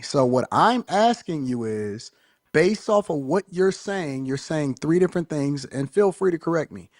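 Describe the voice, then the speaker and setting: A man in a casual podcast debate, calmly questioning and paraphrasing the other speaker to challenge him. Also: fairly high pitch, no room sound, studio quality. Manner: probing, measured, paraphrases and challenges.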